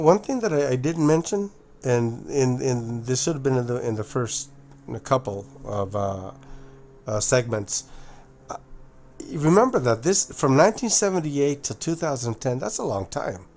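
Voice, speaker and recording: A man speaking in a casual monologue to his viewers, halting and often restarting or repeating words, calling his listeners "guys". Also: medium pitch, a little mellow. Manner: addresses listeners directly as guys. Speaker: video presenter.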